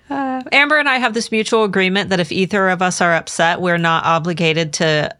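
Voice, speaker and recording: An American woman co-hosts a book podcast in an easy, casual way. Her voice sits at a middle pitch, and she teases her co-host playfully and gets lively when she retells scenes. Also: moderate pace. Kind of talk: casual book discussion chat.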